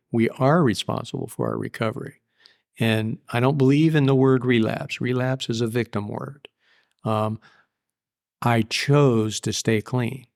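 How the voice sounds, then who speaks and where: A man's voice: mid-range voice, gravelly. An older man in a candid interview about his recovery, blunt and profane, telling stories plainly. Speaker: guest.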